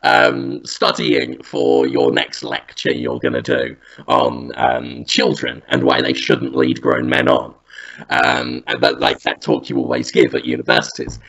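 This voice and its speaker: A man hosting a comedy podcast, telling an absurd story in an animated, rambling way, his voice run through a Dalek-style robotic filter. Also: very deep voice, measured pace, gravelly, low-quality recording. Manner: animated, rambling, breaks into sung bits. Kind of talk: absurd comic storytelling chat.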